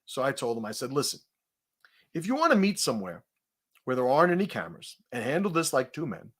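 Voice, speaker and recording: A man host telling a profane confrontation story in a casual, animated way, laughing at his own punchlines. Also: mid-range voice, fast talker, husky.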